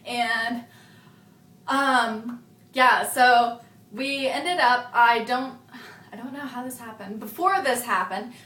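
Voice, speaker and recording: A young woman with a fairly high voice rambles through a casual vlog story, dropping "like" every few words and swearing freely. The recording has a noticeable roomy echo, as if she is talking in a bare room. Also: slow, long pauses, pushed and bright. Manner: rambling, frequent "like" fillers and swearing. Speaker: vlogger. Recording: echoey room.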